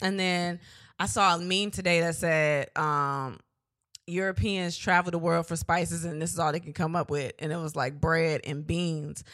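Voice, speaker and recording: A woman co-hosting a podcast, chatting casually with loud laughs, swearing and teasing. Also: on the low side, steady tone, moderate pace. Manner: loud, laughing, profane banter. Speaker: podcast co-host. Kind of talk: casual chat.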